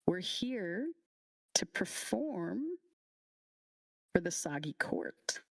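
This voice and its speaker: A woman voicing a gruff, croaking frog-like bullywug man in a tabletop game. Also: fairly low pitch, lively intonation, very slow, dry recording, clean studio sound, full character voice.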